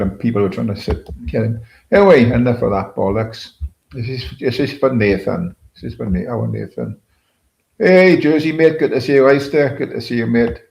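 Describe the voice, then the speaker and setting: Gravelly-voiced British man hosting a live stream. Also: on the low side, darkish tone. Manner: rambling, greets viewers by name, halting with fillers. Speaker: livestream host. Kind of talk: casual live-stream chat greeting viewers. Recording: roomy echo.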